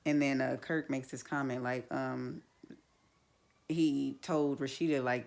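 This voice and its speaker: Blunt chatty woman with vocal fry. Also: a bass voice, fairly even intonation, measured pace, darkish tone. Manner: blunt, chatty, many fillers like "like" and "you know". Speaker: TV show reviewer. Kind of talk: casual opinionated recap.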